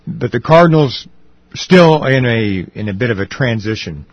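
Radio sports co-host, male, husky, lively pitch, dry and slightly dull sound. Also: normal speed, dry recording. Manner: agreeable, frequent backchannel, trails off softly. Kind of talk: casual sports talk.

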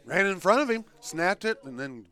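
A man giving color commentary on a football radio broadcast, relaxed and agreeable in his analysis. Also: high voice, moderate pace, smooth.

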